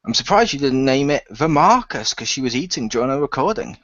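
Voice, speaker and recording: A man in a casual podcast chat, making teasing, deadpan jabs at the others. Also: medium pitch, fairly quick, no room sound, highs cut off. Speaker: podcast co-host.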